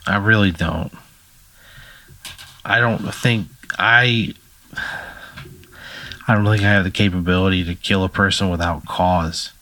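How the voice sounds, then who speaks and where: A man responding in casual comedy banter with a deadpan, exasperated, profane manner. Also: sits low, measured pace, long pauses, slight background noise. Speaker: co-host.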